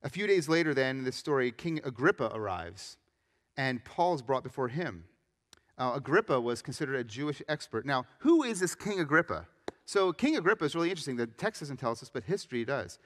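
A young adult man, a pastor, preaching a sermon with animated storytelling and acted-out voices. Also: mid-range voice, in a large hall. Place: church sanctuary.

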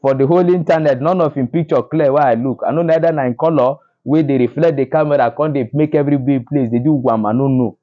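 A man's voice: medium pitch, quick pace, few pauses, lo-fi sound. A man from Nigeria with a Nigerian Pidgin English accent, delivering indignant social media news commentary, often repeating himself and restarting words. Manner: indignant, repetitive, stumbling restarts.

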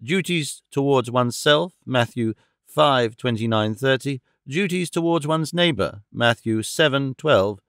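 A man reading a classic novel aloud as an audiobook narrator, in a measured, formal storytelling manner. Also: mid-range voice, animated, a bit bright, clear, resonant tone, no echo, clean studio sound. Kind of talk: scripted narration.

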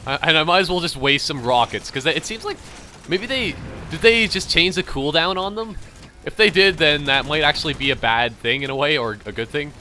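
A man's voice: on the high side, animated, a little fast, sharp tone, slight background noise. A young man with a light Canadian accent, rambling chattily as he comments on his own gameplay. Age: young adult. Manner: rambling, chatty, thinking aloud. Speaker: gamer commentator.

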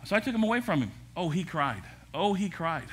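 An older man, a pastor, preaching a sermon at a church service in a lively way, with jokes and asides. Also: sits high, brisk, slightly rough.

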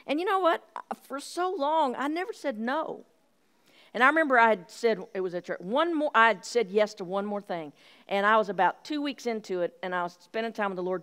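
Middle-aged woman, Bible study teacher, chatty and self-deprecating, mid-pitched. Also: animated, a little fast, fairly bright tone. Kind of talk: informal Bible teaching talk.

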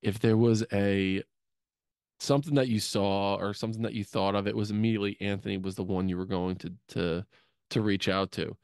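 A man's voice: fairly low pitch, steady tone, fairly quick, darkish tone, clean tone, no room sound, clean studio sound. A man who co-hosts a podcast, giving a eulogy through affectionate, humorous stories about his younger brother. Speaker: podcast co-host. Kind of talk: eulogy told as personal stories. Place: podcast studio.

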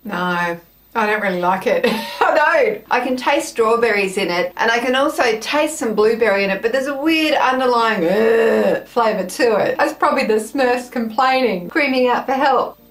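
A woman's voice: a little high, animated, moderate pace. A woman hosting a casual taste-test vlog, chatty and enthusiastic as she gushes over snacks. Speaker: food taste-test vlogger. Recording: roomy echo from the mic at a distance, soft music.

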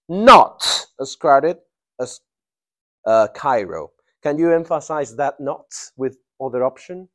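A man's voice: on the high side, fairly bright tone. Man teaching an English grammar class. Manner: drawn-out emphatic prompting of students.

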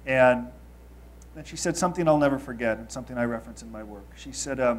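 A man in his thirties from Los Angeles, speaking as a storyteller before an audience. His voice sits at an ordinary middle pitch. He moves from punchy, louder statements into hushed, confessional asides. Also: steady tone, fast talker, a little hiss or hum. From Los Angeles, United States. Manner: confessional, swings between loud emphasis and quiet asides.

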